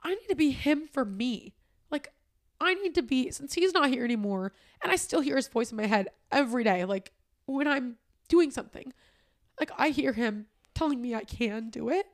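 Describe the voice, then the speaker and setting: A woman's voice: high-pitched, expressive, normal speed. A young woman in her twenties hosting a solo podcast, candid and tearful, swearing freely and speaking with emphasis. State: crying at times. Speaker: podcast host. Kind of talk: personal, emotional solo podcast talk.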